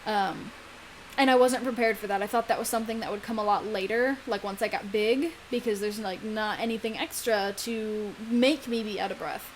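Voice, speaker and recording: A woman's voice: medium pitch, moderate pace, slight background noise, poor audio. A young woman chatting casually in a vlog, full of ums and likes. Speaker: vlogger. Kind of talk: casual pregnancy vlog chat.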